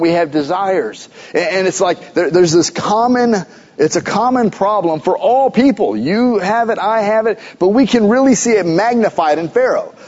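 A pastor giving a sermon in a conversational, playful preaching manner, recorded in a church sanctuary. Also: male voice, fairly high pitch, darkish tone. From United States. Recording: dull lo-fi church recording with long reverb.

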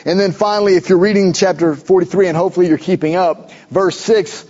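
A male pastor preaching a sermon in a conversational, animated storytelling way, with rhetorical questions. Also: high-pitched, a little fast. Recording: dull lo-fi recording.

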